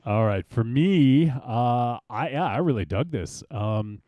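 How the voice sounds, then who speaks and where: A man hosting a casual horror film discussion podcast, relaxed and rambling with many fillers. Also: mid-range voice, slow, dry recording. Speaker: podcast host.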